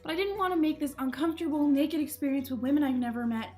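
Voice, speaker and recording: A young vlogger with a high, bright voice talks fast and straight to camera, chatting about her own mishaps in a casual, self-mocking way. She often bursts out laughing, while soft music plays faintly in the background.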